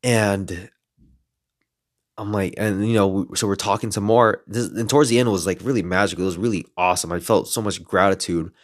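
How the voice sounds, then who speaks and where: A man in his twenties, a podcast host telling a story in casual, lively style, adding some playful swearing. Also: lowish voice, fairly quick. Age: 20s.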